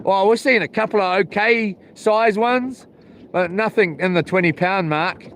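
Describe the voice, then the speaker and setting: A man's voice: high voice, a little slow, a bit bright, a little hiss or hum. A man chatting casually on a live fishing stream, laid-back and slangy. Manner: laid-back, slangy, chuckling at his own jokes. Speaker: fishing vlogger. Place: outdoors by the water.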